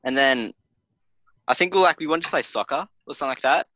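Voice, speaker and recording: A man's voice: medium pitch, fast, sharp tone, slight background noise. A young man rambling through a story in casual chat, full of "like".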